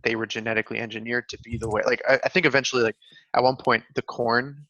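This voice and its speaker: Casting: man podcast co-host, gravelly edge, chatty filler-heavy delivery, dull lo-fi mic. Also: mid-range voice, steady tone, fast, sharp tone, no room sound. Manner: chatty, explains with many "like" fillers. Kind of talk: casual podcast chat. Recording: dull lo-fi dry mic sound.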